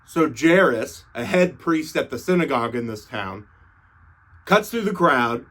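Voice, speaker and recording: A man's voice: medium pitch, expressive, unhurried, a bit bright. Irreverent young man telling comic stories. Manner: slangy, irreverent, swears casually. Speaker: comedic storyteller. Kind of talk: comedic retelling of scripture.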